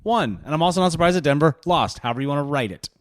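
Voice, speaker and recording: A man's voice: a little high, lively intonation, rapid-fire, no echo, studio quality. A man co-hosting a casual beer podcast, joking and teasing his co-host and laughing often.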